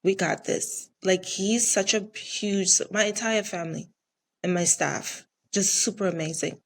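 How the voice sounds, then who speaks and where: A middle-aged Caribbean restaurant owner speaks unhurriedly in a mid-range voice during a casual interview. Earnest in tone, she repeats things for emphasis.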